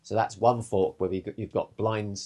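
A man co-hosting a podcast, chatting casually about a TV episode, animated, often restarting his sentences. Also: fairly low pitch, moderate pace. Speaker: podcast co-host. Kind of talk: casual chat about a TV show.

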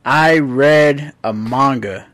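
A man's voice: medium pitch, very slow, a bit bright. A man co-hosting a casual podcast chat, laid-back and profane, chuckling as he sums up a comic. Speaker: podcast co-host.

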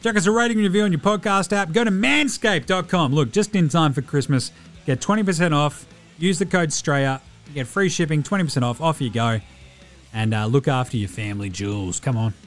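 Man, Australian accent, podcast host, casual sign-off, jokey slang, fairly high voice. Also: soft background music. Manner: jokey, slangy, rapid-fire. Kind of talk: casual podcast outro with plugs.

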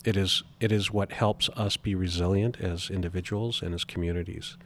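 Middle-aged guy, kinda low voice, earnest, lots of stumbles and restarts. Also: fairly even intonation, slight background noise. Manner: earnest, halting with repeated restarts. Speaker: guest. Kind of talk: reflective interview talk.

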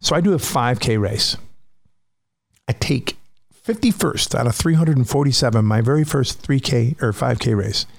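A man's voice: medium pitch, expressive, moderate pace, vocal fry, no echo. Guy doing a solo podcast, swears a lot, real blunt, dead dry mic. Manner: blunt and profane, candid. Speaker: podcast host. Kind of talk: personal monologue.

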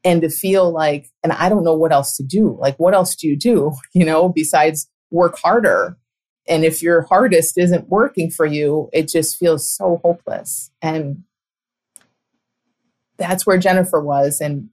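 A middle-aged woman hosting a talk show and coaching, speaking in an earnest, reflective way with soft laughs. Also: low voice, measured pace. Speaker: podcast host and coach. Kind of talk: conversational monologue.

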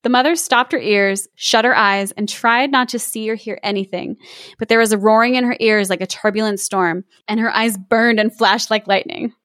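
A woman host reading a fairy tale aloud in an expressive, animated way. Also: on the high side, normal speed, dry recording, studio quality. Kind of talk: storybook reading with casual chat.

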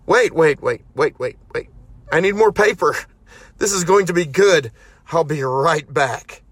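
An actor playing a curious, excited male scribe in an amateur radio drama. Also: a little high, unhurried, a little hiss or hum. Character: amazed male scribe taking notes.

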